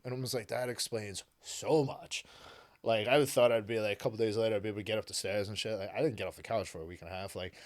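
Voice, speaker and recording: Dude with a lowish voice telling a long story on a podcast, swears a lot, says like and you know constantly, dry sound. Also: male voice, racing, hardly any pauses, no room sound. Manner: animated, profane, heavy with "like" and "you know". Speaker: podcast guest. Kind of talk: casual storytelling chat.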